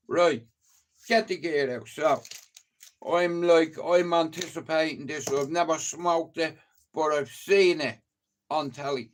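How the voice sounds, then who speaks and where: A middle-aged man from Dublin, Ireland, speaks slowly in a voice on the high side. He tells casual, rambling anecdotes to a live stream audience, full of swearing and repeated "you know"s.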